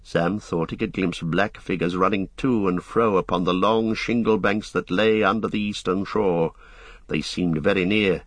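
Man, audiobook narrator, steady storytelling, low pitch, dry recording. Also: moderate pace, no echo. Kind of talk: scripted narration.

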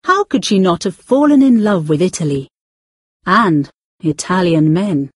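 Breathy, expressive woman narrating a novel. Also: fairly low pitch, no echo, studio quality. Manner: expressive, with drawn-out emphasis. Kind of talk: scripted audiobook narration.

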